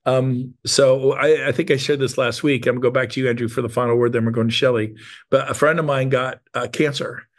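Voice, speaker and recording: A man's voice: medium pitch, steady tone, brisk. A man in his fifties hosting a real estate sales meeting, giving an emphatic, emotional motivational talk and praising his guests. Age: 50s.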